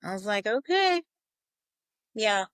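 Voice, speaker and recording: Lively storytelling woman, higher voice. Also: moderate pace, no room sound. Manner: acts out quoted voices, laughs often. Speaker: psychic medium guest. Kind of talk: animated storytelling in an interview.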